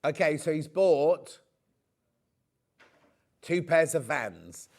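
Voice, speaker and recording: A man's voice: on the high side, extremely slow. A middle-aged man hosting a live shopping show, chatting and joking as he rambles into anecdotes between prices. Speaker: shopping channel presenter.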